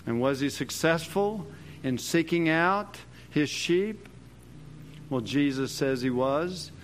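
A man's voice: fairly high pitch, expressive, slow, slight background noise. A male pastor delivering an expository sermon, emphatic and repeating his key phrases.

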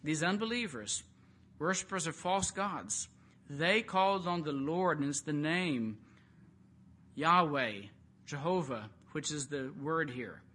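A man's voice: fairly high pitch, expressive, takes it slowly, sharp tone. A man preaching a sermon, retelling a Bible story in a conversational way and acting out the quotes.

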